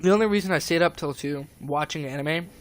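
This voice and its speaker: A man's voice: on the high side, fairly quick. A young man streaming, rambling and agitated as he retells a falling-out, with lots of fillers and restarts. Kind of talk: casual stream chat, retelling a conversation.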